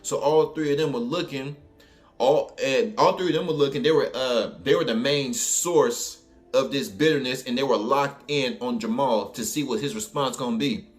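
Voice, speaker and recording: A man's voice: mid-range voice, moderate pace, faint music behind. A man with a New Orleans accent telling a story in a casual, colloquial way, full of fillers and asides. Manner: animated, colloquial, many fillers.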